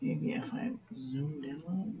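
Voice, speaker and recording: A woman calmly reviewing fountain pen ink in a chatty vlog, often correcting herself as she talks to her viewers. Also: low voice, normal speed, dull audio, slight background noise. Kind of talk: unhurried product review.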